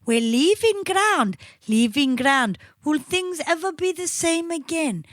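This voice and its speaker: A woman voicing a halting Swedish man with a put-on Swedish accent, reciting in a slow, stilted, oddly phrased way. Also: high voice, lively intonation, dry recording, clean studio sound, pitched above the performer's own voice.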